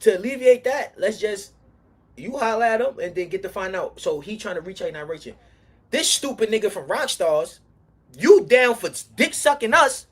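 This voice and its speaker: A young man from Harlem, telling a long street story on a livestream in a rambling, slang-heavy way that swings from low muttering to loud heated bursts. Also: expressive, moderate pace. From Harlem, New York.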